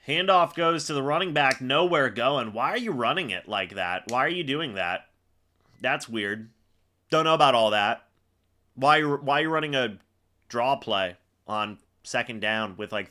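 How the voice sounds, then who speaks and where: A young man hosting a live fan reaction stream, calling the plays as he watches and getting excitable on big moments. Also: a little high. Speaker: fan livestream host.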